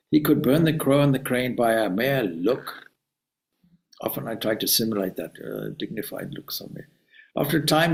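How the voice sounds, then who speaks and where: A man's voice: medium pitch, creaky, poor audio. A man, a swami, giving a reflective spiritual talk and telling a story with asides.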